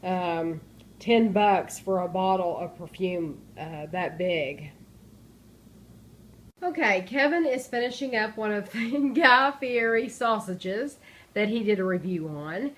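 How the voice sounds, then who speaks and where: A middle-aged woman chatting casually in a home vlog, pausing often with ums as she shows things. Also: mid-range voice, expressive. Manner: chatty, hesitant with many ums. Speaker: vlogger. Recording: faint background noise.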